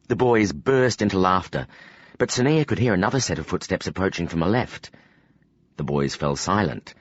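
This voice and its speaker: Fantasy audiobook narrator: low, husky male voice, very animated delivery, dry and dull sound. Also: normal speed, no room sound.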